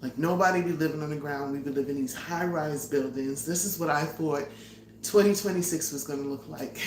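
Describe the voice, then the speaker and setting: A middle-aged woman hosting a casual live cooking stream from her home kitchen, chatty and excitable, laughing often and a little out of breath. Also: sits low, moderate pace, echoey room, a little hiss or hum. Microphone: phone or camera on a tripod.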